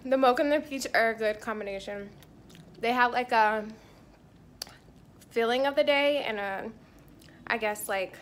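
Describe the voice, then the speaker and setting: On a solo trip, a woman with a fairly high voice, not from Hawaii, chats casually and candidly to her camera, tasting pastries and sharing thoughts between bites. She sounds tired and irritated, with faint background noise beneath her voice, filming indoors at her hotel and on the go.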